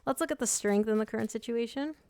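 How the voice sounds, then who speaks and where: A woman's voice: on the high side, fast, warm tone. A woman giving a chatty, upbeat tarot reading, talking straight to her viewers. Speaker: tarot reader.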